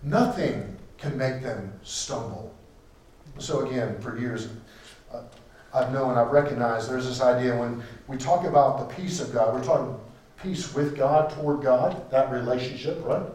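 A man preaching a sermon, emphatic, repeating key phrases for stress and switching between loud declarations and quiet asides. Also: medium pitch, a little slow. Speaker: pastor. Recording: echoey room, voice from a distance.

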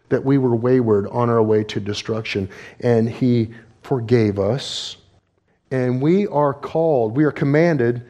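A man preaching a sermon as pastor, emphatic and full of rhetorical questions, rising and falling sharply in pitch and loudness and slowing down to stress key words.

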